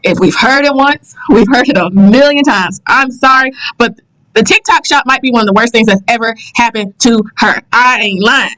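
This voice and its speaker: A woman's voice: fairly high pitch, moderate pace, fairly bright tone, low-quality recording. A woman from the American South with a Southern accent, giving blunt, sassy reaction commentary as the host of her channel. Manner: blunt, sassy, repeats herself for emphasis.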